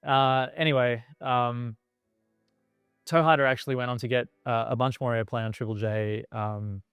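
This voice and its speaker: A man's voice: medium pitch, moderate pace, clear, resonant tone, no room sound, soft background music. A middle-aged man who founded a record label, recounting anecdotes in a documentary interview and acting out the dialogue of the people in them. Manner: animated anecdote-telling, acting out quoted dialogue.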